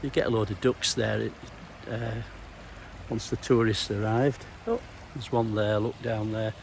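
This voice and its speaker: A man's voice: on the low side, fairly even intonation, a little slow, vocal fry, a little mellow, a little hiss or hum. A middle-aged man and former police officer giving a casual, rambling walking tour outdoors, with dry humour. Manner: meandering, anecdotal, dry humour. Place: outdoors in a small town.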